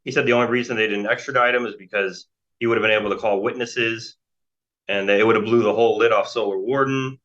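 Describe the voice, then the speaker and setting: An American man in his forties, appearing as an interview guest, tells a long casual story full of fillers and restarts. His voice is fairly low, a bit bright and fairly even in intonation, and he talks fast. The recording has a dull lo-fi sound.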